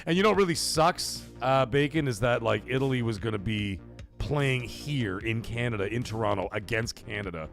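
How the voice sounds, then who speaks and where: A man's voice: medium pitch, expressive, normal speed, creaky, a bit bright, faint music behind. A man hosting a livestream, chatting casually and profanely in a rambling way while reading chat messages. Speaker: livestream host.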